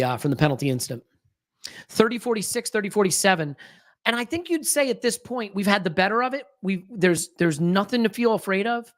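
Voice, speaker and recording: Anxious fan doing live match commentary. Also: medium pitch. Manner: anxious, restless fan commentary with frequent restarts. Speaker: podcast host. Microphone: fiddles with a desk microphone.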